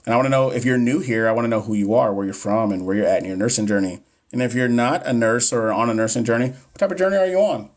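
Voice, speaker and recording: A man's voice: mid-range voice, fast. Joking man in his thirties hosting a live stream. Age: 30s. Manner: joking, chatty, talks straight to viewers, stumbles on medical terms. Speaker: nursing exam coach streaming live. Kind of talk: casual live-stream chat reading exam questions.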